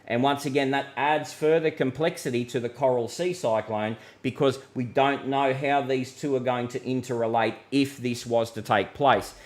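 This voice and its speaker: A man's voice: mid-range voice, fairly even intonation, normal speed, few pauses. A middle-aged Australian man hosting a live weather stream, chatting casually and answering viewer comments in a matey way. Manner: chatty and matey, reads viewer comments aloud, laughs easily.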